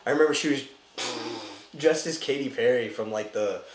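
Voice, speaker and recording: A man's voice: mid-range voice, normal speed, over a noisy crowd. A man co-hosting a podcast, telling a story in a laid-back, chatty way with lots of "dude" and "like". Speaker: podcast co-host. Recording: roomy echoey room, faint noise.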